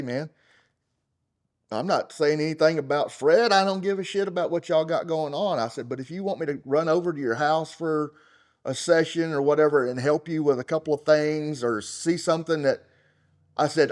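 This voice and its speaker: A middle-aged man, a champion rodeo roper, talking in an unfiltered interview. He is blunt and profane, rambles with fillers, and gets loud and heated. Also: a little high. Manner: rambling, full of fillers like "you know" and "like". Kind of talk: unfiltered casual interview talk.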